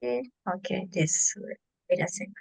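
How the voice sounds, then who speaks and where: A woman's voice: medium pitch, lively intonation, normal speed, gravelly, darkish tone, husky. A woman teaching an English class over a video call, patiently repeating herself as she explains.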